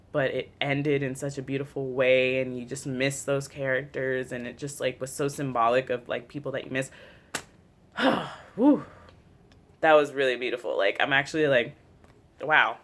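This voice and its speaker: Casual recap vlogger, chatty and profane, mid-pitched voice. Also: fairly bright tone.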